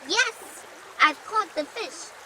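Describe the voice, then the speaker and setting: A woman's voice: high voice, expressive, unhurried, heavy background noise. A woman voicing a hopeful, determined young village girl in a storybook reading, speaking eagerly.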